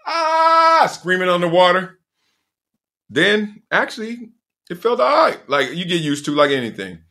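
A middle-aged man with a lilt spins a story on his podcast. His voice is bright and forward, and it swoops up and down as he acts out what everyone said and every crash and yelp. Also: high-pitched, normal speed. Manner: expressive, acts out quoted voices and sounds, laughs often. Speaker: podcast host. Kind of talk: animated storytelling.

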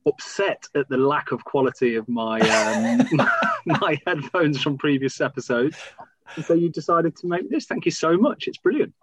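A man's voice: a little high, expressive, moderate pace, background noise. A man in his thirties from England, co-hosting a podcast in easy, friendly chat and laughing easily. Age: 30s. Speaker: podcast co-host. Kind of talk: casual chat. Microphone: new home microphone.

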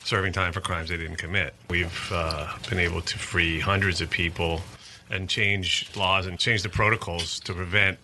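A man's voice: sits low, moderate pace, noisy background. A man speaking as an interview guest in a casual, earnest way, telling stories with plenty of energy. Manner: earnest, animated storyteller. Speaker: guest, musician and advocate.

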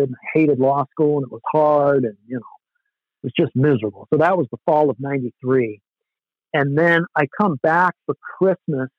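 A man's voice: mid-range voice, no room sound, phone-quality sound. A man, a former hardcore band musician, telling rambling, self-deprecating stories in a casual interview, with many "you know"s.

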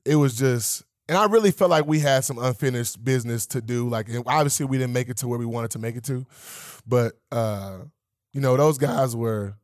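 A man in his thirties, a guest in a casual interview, telling a story in a relaxed way. He swears freely, acts out what others said, and laughs as he talks. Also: medium pitch, moderate pace, no room sound, clean studio sound. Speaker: guest, professional athlete.

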